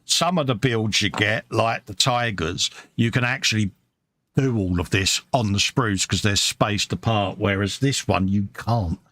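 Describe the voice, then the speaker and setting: A man's voice: lowish voice, a little slow, a bit bright, no echo. Chatty British man reading comments. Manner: chatty, reads viewer comments aloud, calls everyone mate. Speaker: live show co-host. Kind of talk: casual live-stream chat. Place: hobby workbench at home.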